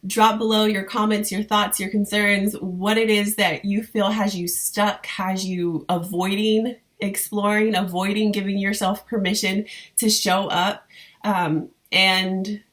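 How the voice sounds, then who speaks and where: A woman's voice: medium pitch, flat delivery, a little slow, fairly bright tone. A woman in her thirties, a spiritual business coach, talking straight to her viewers in an earnest, heartfelt and encouraging way. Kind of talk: motivational vlog talk to viewers.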